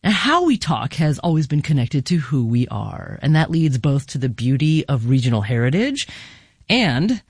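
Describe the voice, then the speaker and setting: A woman hosting a national radio talk show, reading a measured, articulate script. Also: deep voice, big pitch swings, a little mellow, husky, no echo, clean studio sound. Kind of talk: scripted broadcast narration.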